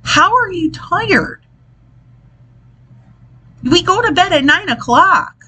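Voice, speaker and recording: A woman's voice: very high voice, very animated, takes it slowly, bright, forceful tone, slight background noise, low-quality recording. A woman hosting a casual podcast, a mother talking in an exasperated, chatty way and swearing now and then. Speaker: podcast host, parent. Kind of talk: casual monologue. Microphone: desk mic, hits it while gesturing.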